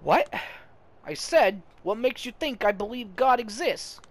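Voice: medium pitch, animated, normal speed, pitched above the performer's own voice, close to an everyday voice. A player voicing a cynical young vampire woman who talks in a profane, sarcastic way. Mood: ranting. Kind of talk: voicing game dialogue.

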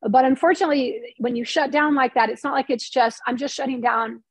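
A middle-aged former TV reporter with a high-pitched, breathy-edged voice speaks fairly quickly in a steady tone on a dry recording. In an interview she tells a personal story candidly and emotionally, acting out what other people said to her.

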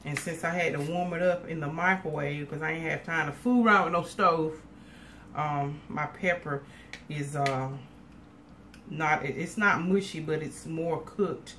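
A woman's voice: low-pitched, a little slow, fairly bright tone, slight background noise. A woman, chatting casually with viewers in a folksy cooking and eating vlog from her home kitchen. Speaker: cooking vlogger.

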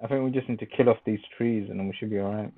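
A man's voice: fairly low pitch, steady tone, very fast. A man casually chatting and joking while playing a game with friends. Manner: teasing, jokey, laughs a lot. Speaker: Minecraft let's player. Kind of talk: casual gaming chat. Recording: dry, phone-like voice chat.

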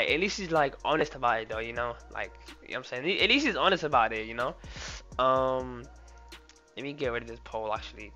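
Bright-voiced young male streamer. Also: mid-range voice. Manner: loud, laughing, repeats "oh my days" and "bro". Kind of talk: live stream reaction. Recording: dull lo-fi sound with faint music. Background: faint background music.

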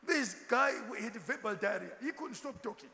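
A man preaches with a high, lively voice that swings widely in pitch. His tone is bright and forceful. The long echo of a large church hall trails behind his words. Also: normal speed, gravelly. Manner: animated, switching into Ndebele asides and acted quotes. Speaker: pastor. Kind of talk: sermon.

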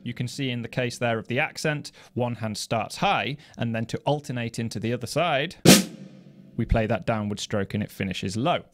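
A man's voice: medium pitch, loud music behind the voice. Methodical man teaching snare drum. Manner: measured, precise, methodical. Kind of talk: instructional explanation. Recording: loud noise from snare drum playing. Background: snare drum playing.

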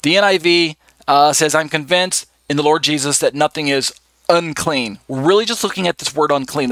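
A man's voice: medium pitch, fairly bright tone, no room sound. A man teaching a live online Bible study, working methodically through translations with frequent fillers. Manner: methodical, reads list aloud with many fillers.

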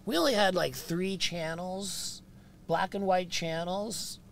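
A man from Canada with a high, raspy speaking voice, telling stories in casual chat and swearing freely. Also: slow. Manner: swears freely, jumps into voices mid-story. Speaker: podcast guest. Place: inside a van. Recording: faint noise in a vehicle.

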